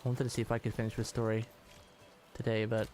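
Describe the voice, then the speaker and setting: A man's voice: lowish voice, completely flat delivery, quick pace, background noise. A man streaming a video game, rambling through casual commentary with chatty, jokey asides.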